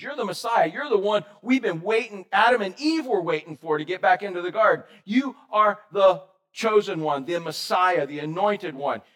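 A man preaching a sermon, lively and animated, questioning his congregation. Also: high-pitched. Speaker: pastor.

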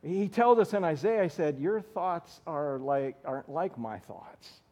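A man preaching a sermon, animated and direct, calling on listeners by name and asking the room questions. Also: fairly high pitch, unhurried. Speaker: pastor.

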